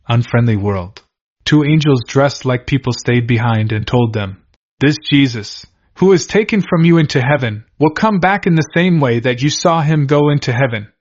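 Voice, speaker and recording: An older man reading a religious children's story aloud, earnest and plain, asking the listener gentle questions. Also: fairly high pitch, muffled recording. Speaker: narrator of a devotional book.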